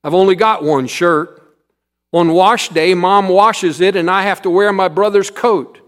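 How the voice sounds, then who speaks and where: A man voicing a poor, tearful ten-year-old boy who begs in a high voice. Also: steady tone, unhurried. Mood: plain, sad. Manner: begging, high and loud.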